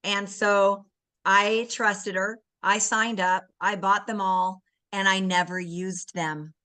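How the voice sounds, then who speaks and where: Woman, bright tone, heartfelt testimonial storyteller over a video call. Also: mid-range voice, fairly even intonation, slow. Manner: earnest, emotional storytelling. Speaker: guest giving a testimonial.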